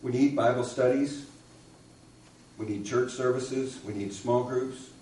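A man's voice: mid-range voice, fairly even intonation, unhurried, dark tone. A man preaching a sermon, telling a story and asking the congregation questions. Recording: echoey room, distant mic.

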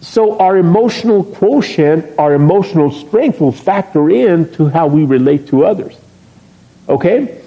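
A middle-aged man preaches from the pulpit with a warm, relaxed tone, teasing his congregation and asking them questions as he goes. His voice sits a little high for a man. The recording is dull and lo-fi. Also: measured pace. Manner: lively, joking with the congregation, asks questions. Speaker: pastor. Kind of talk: sermon.

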